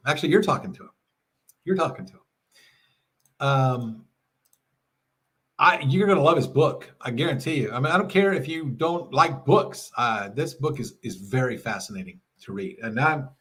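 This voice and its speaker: A man hosting a live stream, chatting casually and reading out viewer comments while losing his voice. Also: mid-range voice. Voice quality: husky. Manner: animated, jokey, thanks viewers by name. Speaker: livestream host. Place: at his mother's house.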